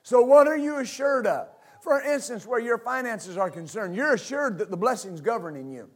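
A man pastor preaching to a congregation, with halting restarts, asking them for responses and adding frequent amens. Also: very high-pitched, expressive. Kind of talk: sermon. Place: church service with congregation.

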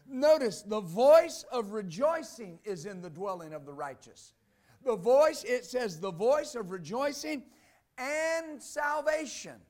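A pastor preaching a sermon with exuberance, swinging between loud declarations and quiet asides and laughing between points. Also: male voice, very high voice, sing-song, unhurried.

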